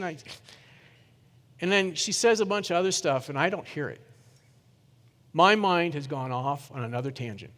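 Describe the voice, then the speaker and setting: Animated middle-aged man telling a keynote story. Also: fairly high pitch, normal speed, pauses often. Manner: animated storytelling, questions the audience. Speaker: keynote speaker. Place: conference hall. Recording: reverberant conference hall.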